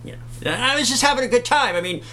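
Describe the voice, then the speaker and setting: Rapid-fire and very high-pitched, this middle-aged singer and cancer survivor moves from singing into storytelling. He's upbeat and animated, joking through tales from his own life, with slight background noise behind him.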